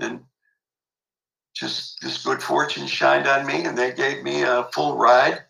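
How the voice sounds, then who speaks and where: A man's voice: mid-range voice, vocal fry, bright, forceful tone, roomy sound, poor audio. An older man recalling his past in an interview, reflective and emotional, with many fillers. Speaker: interview guest. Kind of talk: storytelling interview.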